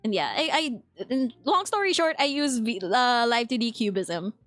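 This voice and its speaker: A woman's voice: on the high side, big pitch swings, moderate pace, fairly bright tone, dry recording, soft background music. A young Filipino woman with a Filipino accent, chatting casually with her stream chat, laughing often and reading messages aloud. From Philippines. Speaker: VTuber streamer.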